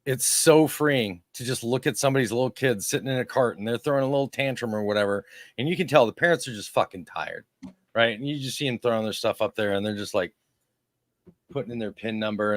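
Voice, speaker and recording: A man's voice: fairly low pitch, fast, dry recording. A man co-hosting a podcast, telling crude stories in casual chat and acting out the people in them. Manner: crude, animated storytelling with put-on voices. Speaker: podcast co-host.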